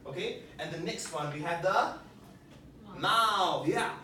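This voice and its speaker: A workshop leader coaching a group through puppetry basics, lively and coaxing, tossing questions out to the room. The voice sits in a middle register. It is caught from across a large, echoey room. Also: medium pitch, takes it slowly, slight background noise. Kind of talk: teaching a workshop. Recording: echoey room, picked up from a distance.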